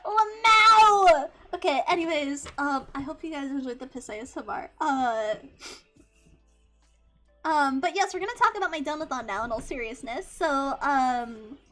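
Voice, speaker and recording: A high-pitched woman with a bright, sharp tone, chatting live with her stream audience as a VTuber. She is giggly and excitable, swears casually, and breaks into squeals when she thanks her viewers. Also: normal speed, faint music behind. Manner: talks to chat, thanks subscribers.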